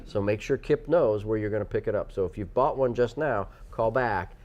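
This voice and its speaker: A man's voice: fairly low pitch, fairly quick, a little mellow, highs cut off. A man co-hosting a live local TV shopping show, chatty and talkative, who jumps now and then into a mock tough-guy voice. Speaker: local TV co-host. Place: TV studio.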